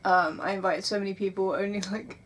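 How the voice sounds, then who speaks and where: A woman's voice: medium pitch, steady tone, quick pace. A woman, vlogging in a rambling, self-mocking way from an airbed in her bedroom. She is burnt out and tearful, and laughs often. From England. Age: 20s. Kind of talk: casual confessional vlog.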